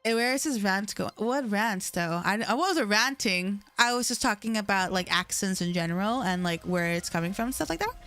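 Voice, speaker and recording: Young woman streamer, chatty and rambling, smooth clear tone, soft music behind. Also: mid-range voice, expressive, normal speed, few pauses. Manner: rambling, chatty, heavy on "like" fillers. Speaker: livestreamer reading chat. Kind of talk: casual chat.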